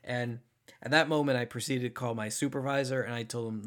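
Casting: man, casual storyteller, emphatic and animated, stumbling restarts. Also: mid-range voice, fairly quick. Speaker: former social worker telling a story.

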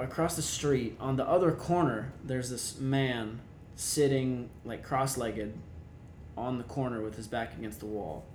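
A young man casually telling a story, rambling along with lots of fillers. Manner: rambling, many fillers, animated retelling. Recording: echoey room, faint rumble.

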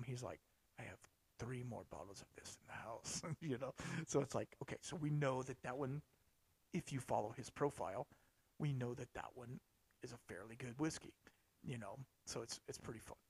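A man's voice: mid-range voice, creaky, slightly rough. A man hosting a podcast, talking casually and rambling, with lots of fillers and restarts. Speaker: podcast host. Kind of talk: casual solo podcast talk.

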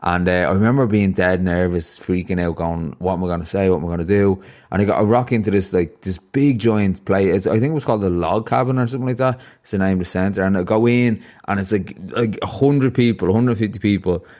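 A man's voice: on the low side, fairly quick, hardly any pauses, darkish tone. A man with an Irish accent hosting a podcast, chatting casually and rambling through stories with lots of fillers. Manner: rambling, storytelling, many fillers. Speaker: podcast host. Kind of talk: casual interview chat.

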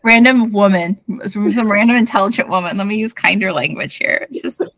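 A bubbly podcast co-host in her thirties reads her old teenage notes aloud during casual conversation, giggling and laughing between lines. She speaks fairly quickly in a medium-pitched, slightly bright voice, and there's no room sound.

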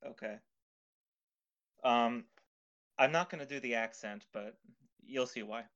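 A man's voice: medium pitch, unhurried, a bit bright. A man co-hosting a podcast in casual chat, joking at his own expense and laughing often. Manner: self-mocking, laughs often. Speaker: podcast co-host. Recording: dull lo-fi recording.

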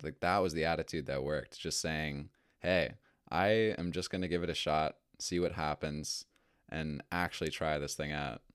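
A man's voice: very deep voice, steady tone, moderate pace, fairly bright tone, smooth, dry recording, studio quality. A man hosting a podcast interview, asking questions and affirming his guest. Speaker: podcast host.

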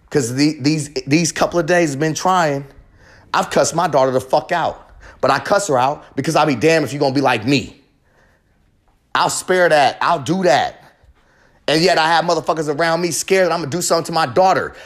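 A man's voice: on the high side, fairly bright tone. A man delivering a confessional monologue in a heated, profane, emphatic rant, hammering home short repeated phrases.

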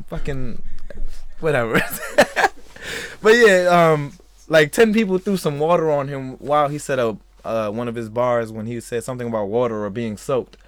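A man's voice: on the high side, no room sound. Tipsy man rambling on his podcast. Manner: rambling, laughs often, talks to live chatters. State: a little tipsy. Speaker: podcast host. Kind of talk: casual live-stream chat.

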